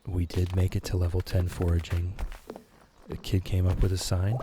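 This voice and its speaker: A man giving slow, soothing, soft-spoken commentary while playing a game for sleepy viewers. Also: sits low, monotone, background noise. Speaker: streamer. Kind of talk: calm gameplay commentary for sleep. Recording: background music.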